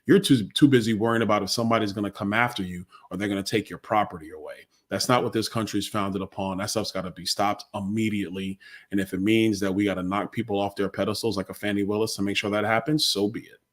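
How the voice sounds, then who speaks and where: A man's voice: lowish voice, fairly even intonation, quick pace. A man who is a congressman, answering a host's questions in a blunt, conversational and emphatic way. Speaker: congressman guest. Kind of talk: interview answers.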